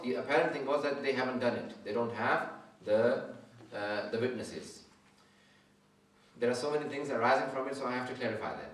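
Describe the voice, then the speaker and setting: A male scholar lecturing a live audience in a very echoey hall, recorded from a distance. He explains point by point, pausing to ask whether everyone is following. His voice sits at an ordinary middle pitch. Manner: explanatory, checks audience understanding often; says he usually speaks very fast. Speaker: Islamic scholar giving a lecture. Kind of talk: religious lecture with audience questions. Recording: echoey hall, mic far off.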